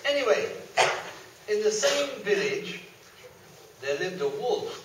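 A man's voice: high voice, sing-song, slow, pauses often, heavy background noise. A man reading a children's story aloud on stage, playful and full of joking asides. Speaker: storyteller at a variety show. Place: stage in a hall. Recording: echoey hall from far off.

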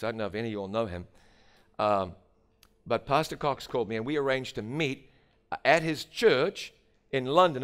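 A man with a New Zealand accent telling his testimony in a humorous, storytelling sermon. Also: medium pitch. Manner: animated, humorous, acts out dialogue. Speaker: preacher giving a testimony.

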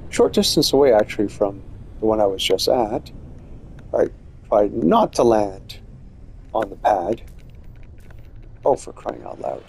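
A man's voice: fairly low pitch, a little mellow, slightly rough. A man talking casually over his own gameplay in a dry, wry way, muttering to himself. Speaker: gameplay video creator.

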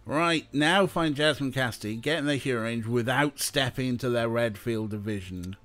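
A man's voice: mid-range voice, normal speed, fairly bright tone. A man streaming a mystery game, commenting in a wry, exasperated, sweary way. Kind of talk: casual let's play commentary.

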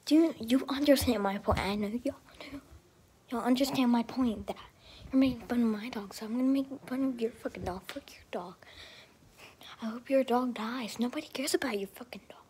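A woman talking to camera in a rambling, profane vlog rant, swinging between loud outbursts and half-whispered asides. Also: on the high side, fairly quick, slight background noise. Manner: profane and ranting. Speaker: vlogger.

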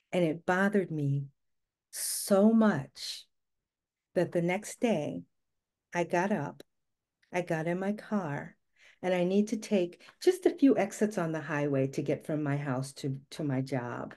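A woman's voice: low-pitched, dark tone. A woman in her forties telling a personal story to an audience in an earnest, emphatic way, often asking rhetorical questions. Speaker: guest speaker.

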